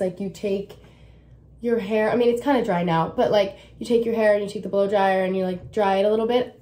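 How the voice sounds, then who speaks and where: A young woman talks through a hair tutorial in a loose, rambling way. She mocks herself, trails off and fills gaps with "like" and "um" at a middling pitch. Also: a little mellow. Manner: rambling, self-mocking, lots of fillers; drifts into whispering at times. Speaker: beauty vlogger. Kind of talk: casual hair tutorial chat.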